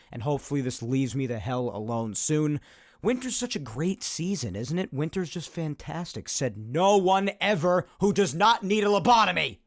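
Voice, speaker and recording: A man hosts his own podcast in a loose, talkative manner, slipping into rants. His voice sits a little high but is raspy from phlegm. The recording is dry and close to the mic. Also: no echo. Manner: chatty, ranting, loud energetic openings. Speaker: podcast host. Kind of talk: casual solo podcast talk.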